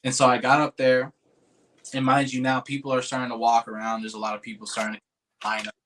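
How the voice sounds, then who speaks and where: A man's voice: mid-range voice, monotone, brisk, a bit bright, slight background noise. Rambling, swearing man telling a story. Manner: rambling and informal, heavy on "like" and "dude", swears freely; earnest and emotional when recalling a moving moment. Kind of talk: casual storytelling.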